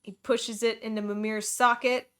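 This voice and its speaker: A woman's voice: a little high, level tone, a bit bright, clear, resonant tone. Chatty woman recapping a story. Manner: quick, jokey retelling with playful voiced quotes. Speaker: book club podcast host. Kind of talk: casual chat recapping a book plot.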